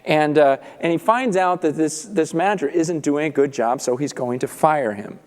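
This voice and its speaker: A man preaching a sermon, telling a story with animated delivery and acting out the characters' lines. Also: a little high, normal speed. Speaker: pastor. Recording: long reverb of a large hall.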